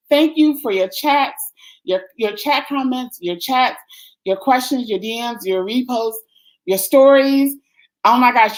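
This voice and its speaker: A woman's voice: a little high, rough recording. A woman hosting a livestream summit, giving closing remarks in an effusive, grateful way and laughing often. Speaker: summit host.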